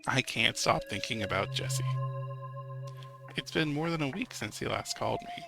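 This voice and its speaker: Lively man with a gravelly voice. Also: medium pitch, normal speed, over music. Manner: swears and laughs while reacting. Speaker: streamer playing a narrative game. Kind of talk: reading game text aloud with casual commentary.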